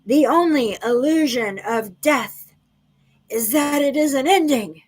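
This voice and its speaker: A woman's voice: high-pitched, slow, a little hiss or hum. A woman giving intuitive readings to viewers on a livestream, bubbly and giggly, full of "like" and "okay". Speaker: livestream psychic reader.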